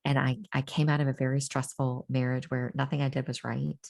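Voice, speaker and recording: A woman's voice: rumbling low, little pitch movement, fairly quick, creaky, darkish tone. A middle-aged woman as an interview guest, telling her personal story candidly and reflectively, with many fillers and restarts.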